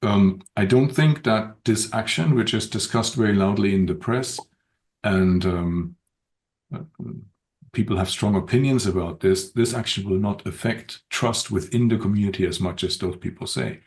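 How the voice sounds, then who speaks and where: A low-voiced man appears as a podcast guest, an open-source community director, in an unscripted conversation. He is thoughtful and measured, with frequent ums and restarts.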